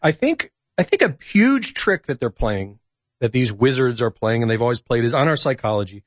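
Animated man with a dry, close sound. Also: mid-range voice, moderate pace, dry recording. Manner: animated storyteller, hesitant fillers. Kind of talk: casual political chat.

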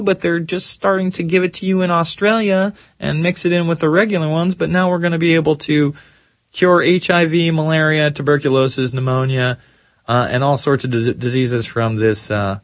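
A man hosts a talk radio show with a slightly high voice. He mocks the headlines sarcastically, drawing words out for stress and then speeding up. The studio sound is dry and close. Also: steady tone, dry recording. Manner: sarcastic, mocking, swings between slow emphasis and quick rants. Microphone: studio microphone.

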